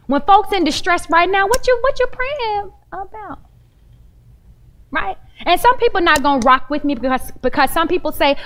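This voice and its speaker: Young woman preaching, high voice, chatty storytelling sermon, talks right to the people. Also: normal speed. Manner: animated, conversational, addresses the congregation directly.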